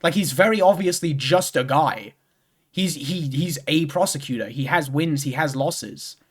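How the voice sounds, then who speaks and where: A man's voice: on the high side, normal speed, breathy edge. A young man streaming a game, chatting casually and rambling with lots of restarts and swearing. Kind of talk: casual chat while playing a game.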